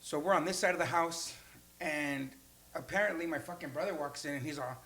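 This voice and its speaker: A man from El Paso spinning a story on a podcast, his voice sitting a little high. He swears freely and acts out every quote. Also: a little fast, a bit bright, slightly rough. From El Paso, Texas. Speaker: guest. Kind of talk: casual storytelling.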